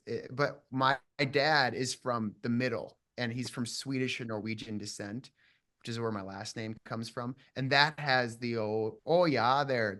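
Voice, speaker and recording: A man from southern Minnesota speaks in a relaxed interview, mid-pitched and easygoing. He thinks aloud, trailing through restarts and filler words as he explains his ideas. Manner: reflective, rambling, full of restarts and fillers. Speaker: actor guest. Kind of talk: casual interview chat.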